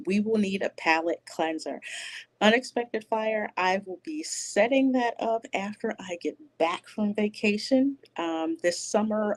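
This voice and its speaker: A woman hosting a livestream, chatting casually and reading viewer comments aloud, rambling with lots of fillers and restarts. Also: medium pitch. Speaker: livestream host reviewing a movie.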